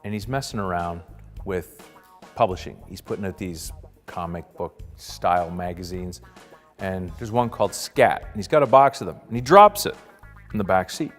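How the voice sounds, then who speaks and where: A man telling a rambling, boastful comic anecdote in a deadpan mock-documentary style, now and then bursting into loud quoted shouts. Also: sits low, normal speed, big-room sound, faint music behind. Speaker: comic storyteller.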